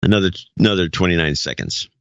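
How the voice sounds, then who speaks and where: Low-voiced rambling male podcast host. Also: fairly bright tone, slight background noise. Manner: rambling, halting, with many restarts. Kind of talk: casual chat. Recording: dull, dry podcast audio.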